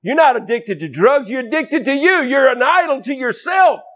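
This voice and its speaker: Male preacher, twang, high voice, fiery deliverance sermon, shouts for emphasis. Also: animated, normal speed. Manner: forceful, preaching with shouted bursts and emphatic repetition.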